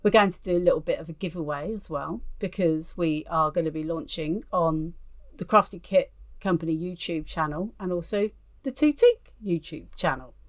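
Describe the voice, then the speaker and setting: Speaking at a moderate pace in a lowish, expressive voice, this London woman co-hosts an easygoing crafting chat on a video call. The fibre artist is talkative and self-deprecating, with plenty of laughter.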